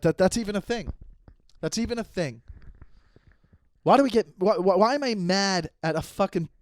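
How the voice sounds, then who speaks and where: Thirtysomething guy ranting solo on his podcast, worked up and stumbling over his words, kinda high voice. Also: dry recording. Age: 30s. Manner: animated, exasperated, repeats and restarts himself. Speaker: podcast host. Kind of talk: solo comedic podcast rant.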